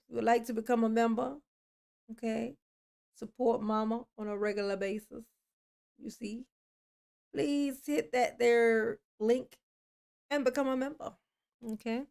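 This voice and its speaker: A woman's voice: fairly high pitch, fairly even intonation, a little slow, gravelly, pauses often, darkish tone, clear, resonant tone. A woman hosting a livestream, giving sassy, playful, teasing commentary in a casual chat. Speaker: livestream host.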